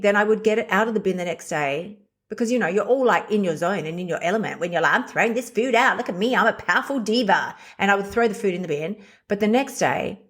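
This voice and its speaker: A middle-aged woman hosting a podcast, speaking candidly and bluntly in a confessional solo monologue, swearing freely. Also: mid-range voice. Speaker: podcast host.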